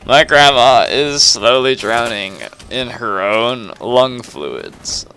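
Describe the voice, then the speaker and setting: A late-teen gamer records a personal vlog while tipsy, rambling and swearing through a confessional monologue with laughs and sighs between phrases. His mid-range voice is expressive, slow, pushed and bright, with a little hiss or hum.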